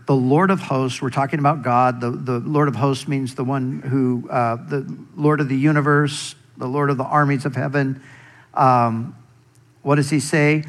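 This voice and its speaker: A man preaching a sermon as pastor, speaking deliberately and giving quoted scripture extra weight. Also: medium pitch.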